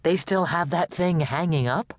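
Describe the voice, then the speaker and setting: A man's voice: fairly high pitch, normal speed, no room sound, studio quality, close to an everyday voice. A woman voicing a mild, plain-spoken man, a former basketball star.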